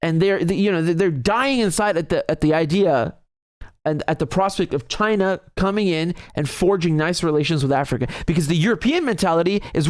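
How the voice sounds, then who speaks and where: A man's voice: sits high, brisk, no room sound, clean studio sound. A man giving heated, emphatic political commentary on a video clip, laughing often. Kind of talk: reaction commentary.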